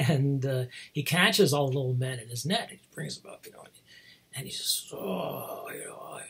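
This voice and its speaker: A man's voice: mid-range voice, moderate pace, a bit bright, husky. A middle-aged man hosting, recounting things in a casual, rambling monologue, chuckling often between restarts. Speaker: host.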